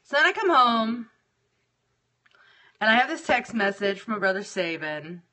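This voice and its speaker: A woman's voice: fairly high pitch, very animated, normal speed, bright, forceful tone, a little hiss or hum. A woman hosting a show, telling a story about her day in a casual, profane, exasperated way. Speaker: radio show host.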